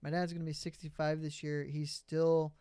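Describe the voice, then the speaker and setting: Man, 30s, podcast co-host, casual chat, unhurried storytelling, dry close sound. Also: fairly high pitch, little pitch movement, warm tone, clear, resonant tone, no echo.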